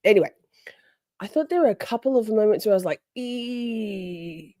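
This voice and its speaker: A woman's voice: medium pitch, expressive, fast, dark tone, no echo. A woman hosting a casual livestream, rambling chattily and greeting viewers by name. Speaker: livestream host.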